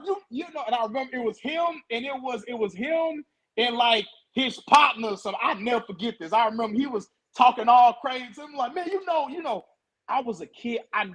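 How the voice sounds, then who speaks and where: A young man telling a story in casual talk, animated, stuttering and repeating words. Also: very high-pitched, normal speed, low-quality recording.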